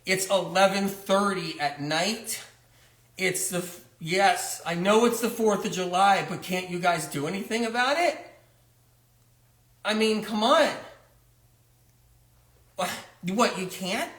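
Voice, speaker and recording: A man putting on a high-pitched, frantic new mother of newborn twins, talking slowly as she pleads and complains on the phone, close to tears. The voice has a bright, tense edge and rings in a roomy, echoey space. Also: exaggerated voice. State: tearful, near crying. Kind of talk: comedic one-man phone sketch. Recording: roomy echo.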